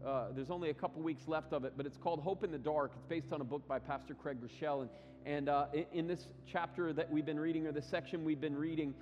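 Animated man preaching in an echoing hall. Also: on the high side, quick pace, dull audio, a little hiss or hum. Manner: animated storytelling with acted quotes, many restarts. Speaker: pastor. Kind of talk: sermon.

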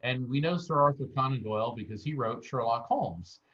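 Talking a little fast in a mid-range voice, an American man serving as an interview's guest medium tells animated anecdotes and performs the quoted lines. The sound is dull.

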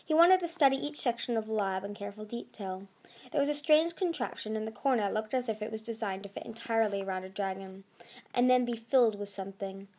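Brief: amateur woman narrator, slightly high voice, stumbles and rereads. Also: quick pace, darkish tone. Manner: reads with frequent slips and restarts. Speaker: audiobook reader.

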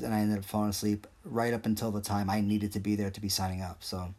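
A man's voice: on the low side, level tone, fast, darkish tone. A young man hosting a solo podcast, rambling and joking in a crude, casual way. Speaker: podcast host.

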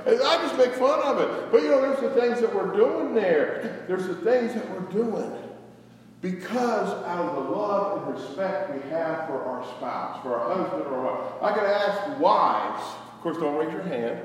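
A middle-aged male pastor delivers a folksy, joking sermon, his voice sitting a touch high for a man. He sounds set back from the microphone, and a long, echoing hall reverb trails each phrase. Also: slight background noise. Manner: folksy storytelling, jokes with congregation. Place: church sanctuary. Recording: echoey hall, from far off.

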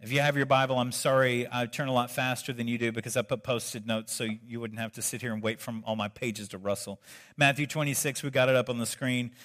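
A man's voice: mid-range voice, fairly even intonation, fast, a bit bright. A male pastor preaching a sermon in a conversational way, breaking in with joking asides.

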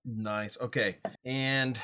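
A player narrating her paladin's attack in an excitable way. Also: extremely low pitch, extremely slow. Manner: excitable, lively. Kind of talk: casual tabletop play.

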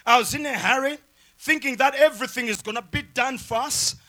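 A pastor preaching a sermon with emphatic repeated phrases, swinging from loud shouted lines down to quiet asides. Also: male voice, extremely high pitch, fairly quick.

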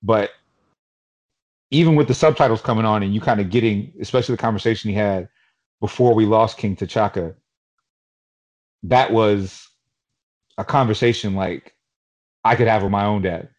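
A man from Queens, New York, co-hosting a podcast in casual chat, telling stories in an animated, rambling way with lots of fillers. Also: fairly low pitch, normal speed, pauses often. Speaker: podcast co-host.

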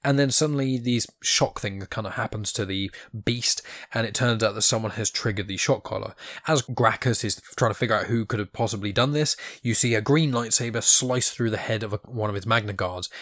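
A man with a rather low voice hosts a podcast and retells a story in a loose, chatty way. He keeps leaning on fillers and trails on from one event to the next. The sound is dry and close. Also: steady tone, a little fast, fairly bright tone, dry recording. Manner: rambling retelling with fillers like "and things" and "basically". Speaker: podcast host. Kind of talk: casual comic recap.

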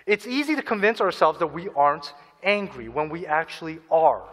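An earnest male preacher delivering a sermon, his voice pitched high and ringing bright. He acts out people's inner voices and repeats key phrases for emphasis. A long reverb trails behind him in a large hall. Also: animated, normal speed. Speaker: pastor.

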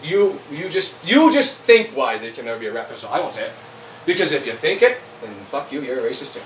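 Profane ranting man, high lively voice. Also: fast talker. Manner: profane, blunt, animated ranting. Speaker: podcast host. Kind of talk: casual ranting chat. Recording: roomy, distant mic, faint noise.

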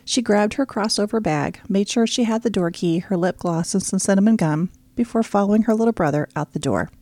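A woman reading a story aloud as the narrator, in a steady, even storytelling manner. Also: mid-range voice, fairly quick, no room sound. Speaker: audiobook narrator. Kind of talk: scripted narration.

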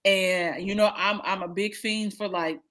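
A woman in her thirties chatting casually over a video call, blunt, profane and animated, often laughing. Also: medium pitch, unhurried. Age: 30s. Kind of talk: casual chat.

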